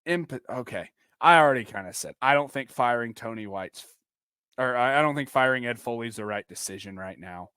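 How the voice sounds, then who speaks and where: A man's voice: medium pitch, animated, moderate pace, pushed and bright, clean tone, dry recording, studio quality. A man in his twenties hosting a solo sports podcast, venting with frustration and emphatic bursts. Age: 20s. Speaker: podcast host and football coach.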